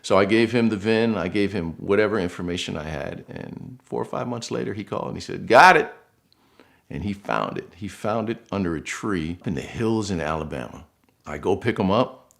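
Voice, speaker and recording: A man's voice: low-pitched, moderate pace, creaky. A middle-aged man from Buffalo, New York, earnestly telling a personal story in a casual way and acting out the people he quotes. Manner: earnest, emotional, animated quotes. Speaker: guest storyteller.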